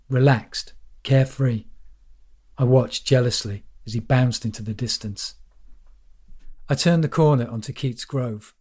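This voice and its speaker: A man's voice: mid-range voice, a little mellow. Man narrating a wry first-person story. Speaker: audiobook narrator.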